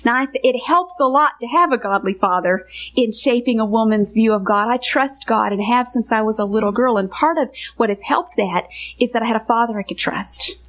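Woman, high voice, earnest and emphatic, teaching message to women. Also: a bit bright. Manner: earnest, emphatic, slows on key phrases. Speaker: Bible teacher.

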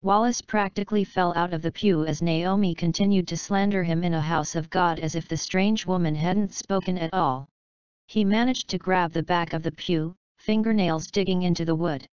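Crystal-clear woman narrating an audiobook. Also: lowish voice, steady tone, moderate pace, a little mellow, dry recording, lo-fi sound. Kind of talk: scripted narration.

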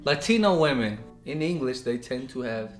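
A young man co-hosting a couple's vlog, reading prompts slowly and teasing his partner. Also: mid-range voice. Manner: teasing, reads lines slowly and deadpan. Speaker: vlogger co-host reading prompts. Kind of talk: casual couple reaction chat. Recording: echoey room with faint music.

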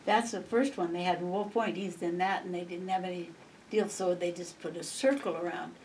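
A woman's voice: lowish voice, fairly even intonation, brisk, darkish tone. An older woman being interviewed, reminiscing in a chatty, rambling way and laughing often. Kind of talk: reminiscing storytelling. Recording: distant mic, faint background noise.

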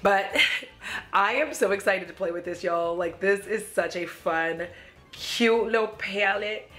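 A woman's voice: mid-range voice, unhurried, fairly bright tone, soft background music. Chatty, gushing woman vlogger. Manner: gushing, chatty, playful asides. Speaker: beauty vlogger. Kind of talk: casual haul vlog. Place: at home.

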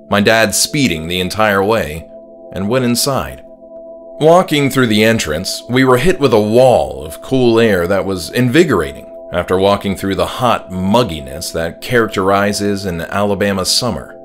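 A man narrates his own horror tale in a low-set voice. His pitch rises and falls freely as he tells it. The reading is scripted but expressive, with a storyteller's cadence. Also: moderate pace, faint music behind.

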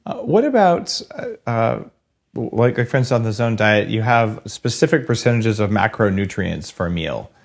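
A man's voice: on the low side, big pitch swings, normal speed, creaky, slightly rough. Curious rambling podcast host, a man. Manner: rambling, curious, hesitant restarts. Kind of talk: podcast interview.

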